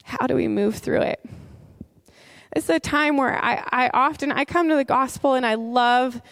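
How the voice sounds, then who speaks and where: A woman in her thirties preaching a sermon in an earnest, conversational storytelling manner, with heartfelt warmth. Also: sits high, moderate pace, gravelly, no room sound, clean studio sound. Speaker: pastor.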